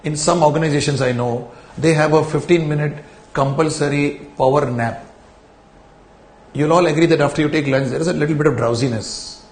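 A man's voice: a little high, steady tone, a little fast, a little mellow, echoey room. A man giving a recorded lecture in a studio, stressing key words and repeating phrases for his students.

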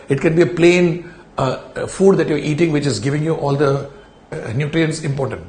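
A man's voice: a little high, darkish tone, roomy sound. A man giving a recorded lecture to camera, explaining ideas with rhetorical questions and repeating key phrases. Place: indoor room, speaking in front of a camera.

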